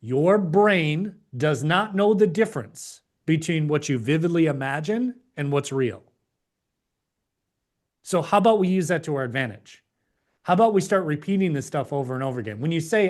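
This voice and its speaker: A man's voice: on the high side, animated, normal speed. A man teaching a live online class, emphatic and preachy, acting out the inner voices of doubt. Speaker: course instructor.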